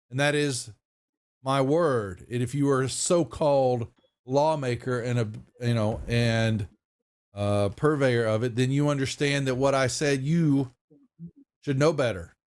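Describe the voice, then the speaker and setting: A man's voice: medium pitch, close to an everyday voice. A man voicing a pompous, stubborn town master in a tabletop game, with blustery, officious talk. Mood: dismissive.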